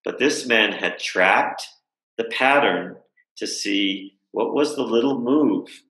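A man's voice: fairly low pitch, slow pace, a bit bright, reverberant, low-quality recording. A man speaking as a guest in a video-call conversation, telling a reflective story in a thoughtful way, with fillers and frequent rhetorical questions.

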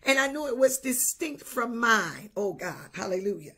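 A woman's voice: on the high side, big pitch swings, moderate pace, fairly bright tone, husky. A woman bishop preaching a livestream sermon, greeting viewers by name and repeating her points emphatically with frequent hallelujahs.

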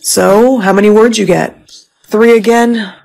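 A woman's voice: mid-range voice, steady tone, a little slow, creaky, a little mellow. A woman playing a possessive young boyfriend in a TikTok POV skit, smug and bossy.

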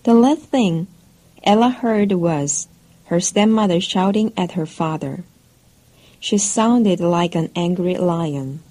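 Slow, mellow woman narrating a storybook. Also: on the low side, poor audio. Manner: clear, careful and even. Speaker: audiobook narrator. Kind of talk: slow scripted storybook narration for English learners.

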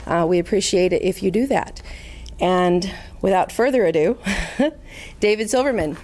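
A woman's voice: mid-range voice, moderate pace, background noise. A woman hosting an event, introducing the guest speaker in an informal, chatty way with many fillers. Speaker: event host.

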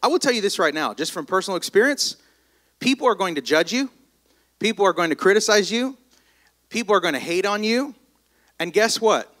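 At a live event, a man with a high voice gives an energetic motivational business speech, telling stories and calling on the crowd to respond. He talks a little fast and pauses often.

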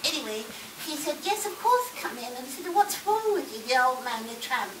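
A woman's voice: high-pitched, sing-song, a little fast. A woman playing a cheeky, chatty newborn baby girl, telling a rambling story with giggles and constant tangents in a live comedy act. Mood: giggly. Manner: giggly, rambling, easily sidetracked. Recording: echoey, distant mic, loud background noise.

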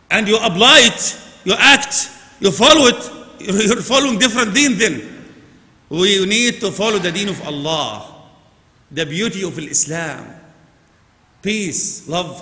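Male imam, fairly high bright voice, loud urging then hushed asides, echoing mosque hall. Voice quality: non-native English with Arabic phrases. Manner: swings from loud emphatic urging to low quiet asides. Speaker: imam giving a Friday sermon. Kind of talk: sermon. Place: large mosque prayer hall. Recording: echoey mosque hall with long reverb.

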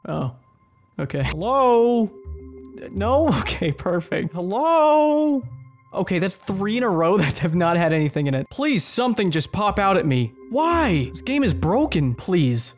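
A young man hosting a gaming video, commenting on his play in a sarcastic, crude and excitable way. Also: high voice, normal speed, few pauses, faint music behind. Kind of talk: gameplay commentary.

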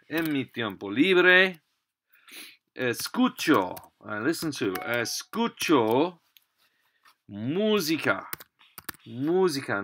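A man's voice: mid-range voice, bright, forceful tone, a little hiss or hum. A man teaching a language lesson, explaining patiently while typing at a computer. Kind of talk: screen-recorded language lesson.

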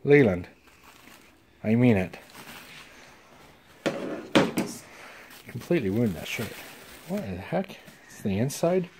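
Low-voiced mom vlogging. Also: female voice, sing-song, slow, long pauses. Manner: chatty, scolding and coaxing her kids. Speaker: vlog host and mother. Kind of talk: casual family vlog skit. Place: home, then inside a moving car. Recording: camera audio with clear background noise.

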